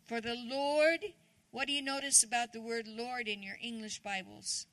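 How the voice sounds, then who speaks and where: Woman guest preacher, conversational sermon, gravelly voice, questions for the congregation, dry sound. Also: on the high side, fairly even intonation, moderate pace, fairly bright tone, no room sound. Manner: chatty, asks the congregation questions.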